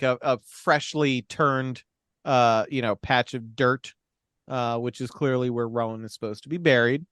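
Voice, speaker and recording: Recapping a film for his podcast, a man animatedly performs the characters' dialogue, cursing freely and breaking into laughter again and again. His medium-pitched voice has a clean tone, and the studio-quality recording has no room sound.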